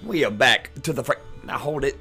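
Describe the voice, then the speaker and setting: A man co-hosting an improvised comedy bit, quick to get worked up and complain. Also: medium pitch, animated, pushed and bright, faint music behind. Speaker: comedy co-host.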